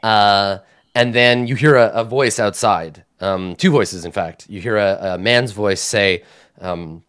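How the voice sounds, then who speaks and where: Rambling game master, low voice. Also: male voice, measured pace, fairly bright tone, smooth. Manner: loose, rambling, many fillers. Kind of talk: narrating a tabletop game.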